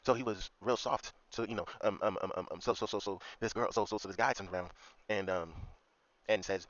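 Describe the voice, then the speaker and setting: In a dull, lo-fi, echo-free recording, a commentary vlogger delivers a sweary monologue rant, repeating points and capping them with "okay?" He speaks a little fast in a lowish voice with fairly even intonation.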